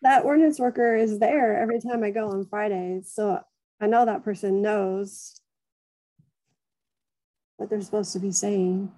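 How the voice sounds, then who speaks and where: A woman's voice: medium pitch, steady tone, unhurried, long pauses, mellow, dry recording, low-quality recording. A woman earnestly recounting a personal experience in a casual group discussion.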